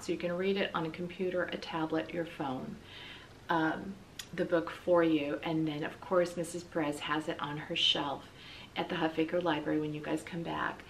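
A woman's voice: on the low side, distant mic, a little hiss or hum, low-quality recording. Woman reading a children's book aloud. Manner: expressive, speaks directly to children. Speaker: substitute school librarian.

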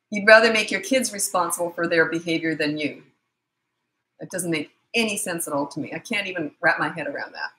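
A middle-aged woman working as a parenting coach gives blunt, emphatic advice in a casual talk, acting out short exchanges between parents and children. Her voice is mid-range and a bit bright, heard on a low-quality recording with slight background noise.

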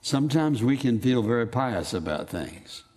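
A man's voice: medium pitch, very animated, darkish tone, breathy edge. Man preaching an emphatic sermon. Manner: emphatic, quotes scripture in slow dramatic readings.

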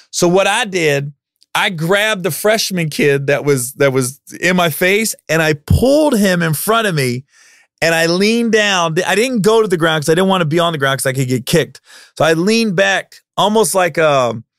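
Animated storyteller man in his forties. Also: fairly high pitch, dry recording, clean studio sound. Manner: animated, acts out quotes in loud raised voices. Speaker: podcast host. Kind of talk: casual storytelling monologue.

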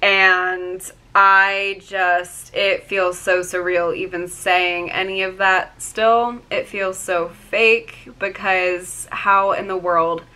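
Bubbly young woman gushing excitedly. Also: medium pitch, slow pace, few pauses, clear, resonant tone. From Virginia. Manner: gushing, rambling, many fillers and restarts. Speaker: vlogger. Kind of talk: excited storytelling to camera.

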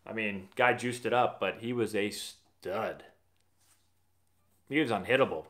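With a lowish, somewhat bright voice and a measured pace, a man from Massachusetts answers viewer questions on his casual live stream. He tells stories in a chatty, meandering way, often restarting sentences.

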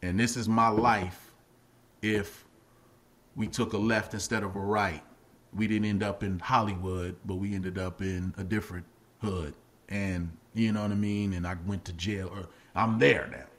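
A man's voice: on the low side, fairly even intonation, a little slow. A middle-aged man, an actor and comedian guest, telling stories in a casual chat, acting out voices and laughing often. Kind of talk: animated storytelling in casual chat.

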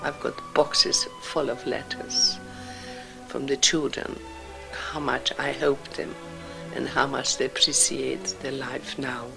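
Older woman, slow halting testimony, gravelly fry, breathy whispers. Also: very deep voice, flat delivery, over music, low-quality recording. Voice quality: gravelly, husky voice. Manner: slow, emotional, halting delivery with whispered passages. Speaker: Holocaust survivor speaker. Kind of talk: personal testimony.

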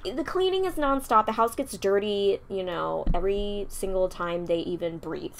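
A woman's voice: mid-range voice, normal speed, gravelly, a little hiss or hum. A young woman casually commenting while playing a life-simulation game, chatting along and scolding her characters in exasperation. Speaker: gameplay streamer.

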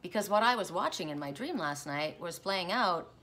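A woman's voice: lowish voice, animated, normal speed, fairly bright tone. A middle-aged woman, a tarot reader, telling a personal dream story in a rambling, self-interrupting way. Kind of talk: casual spoken storytelling.

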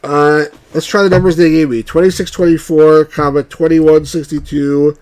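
A man with a somewhat high voice hosts a let's-play of old computer games. He reads the on-screen prompts aloud in a steady voice, then breaks off into wry, grumbling asides as he plays. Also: normal speed. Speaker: game reviewer and channel host.

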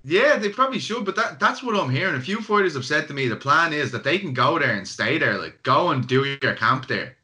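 A man's voice: fairly high pitch, sing-song, brisk, hardly any pauses, sharp tone. A man, a guest journalist in casual chat, eager and probing, with lots of "like".

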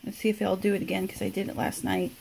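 A woman's voice: medium pitch, flat delivery, fast, vocal fry, a little mellow, breathy edge. A woman casually reviewing a smart speaker at home, chatty, laughing and talking back to the device. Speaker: product reviewer.

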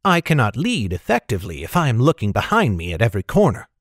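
A man voicing a quick, confident young boy who guides the others, in an audiobook reading. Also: mid-range voice, wildly swooping pitch, no room sound, studio quality.

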